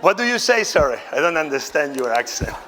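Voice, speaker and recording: A man's voice: fairly high pitch, very animated, brisk, background noise. A man whose first language is not English, a chef giving a live cooking demonstration lecture with showman flair and a candid, chatty tone. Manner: showman-like, exclaiming, then candid and conversational.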